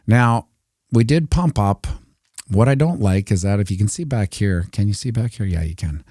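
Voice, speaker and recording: A man's voice: on the low side, expressive, moderate pace, dark tone, no echo, clean studio sound. A Canadian man giving casual, rambling commentary on crypto price charts during a livestream, with jokey asides.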